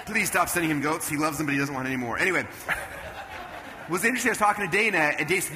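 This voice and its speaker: A man in his thirties giving an energetic stage talk at a business event, telling animated stories and jumping into loud character voices. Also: fairly high pitch, racing. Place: event stage in a large hall. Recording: long hall reverb, faint room noise.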